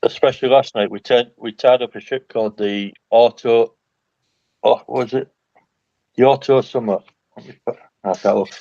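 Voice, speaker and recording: A man's voice: medium pitch, fairly even intonation, moderate pace, gravelly, long pauses, dark tone, no room sound. A middle-aged man who talks bluntly and plainly, chatting as a panel guest on a video call. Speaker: panel guest, ex-army dock worker. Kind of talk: casual chat on a livestream. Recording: dull, muffled call audio.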